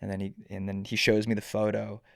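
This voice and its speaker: A man on a faith podcast, telling stories in casual chat, animated and rambling, full of restarts. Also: on the low side, fairly quick, vocal fry.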